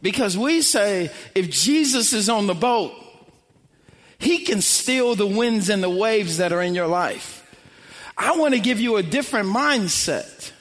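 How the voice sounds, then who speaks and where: A man pastor preaching a sermon, emphatic and swinging from loud to hushed. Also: high voice, expressive, measured pace. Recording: long hall reverb.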